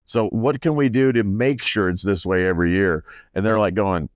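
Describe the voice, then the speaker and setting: A man's voice: deep voice, moderate pace, dry recording, clean studio sound. A man, a farmer, telling stories in a rambling, casual way and quoting people as he goes. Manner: rambling storyteller, many restarts and quoted dialogue. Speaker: farmer and landowner guest. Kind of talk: casual conversation.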